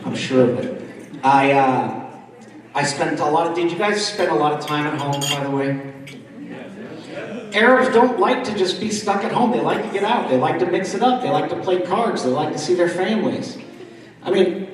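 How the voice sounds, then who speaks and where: A man from the East Coast of the United States, around Washington, D.C., does stand-up comedy at a dinner in a slightly high voice at a moderate pace. His set is chatty crowd work, and he keeps asking the audience questions. He sounds far off in an echoey hall.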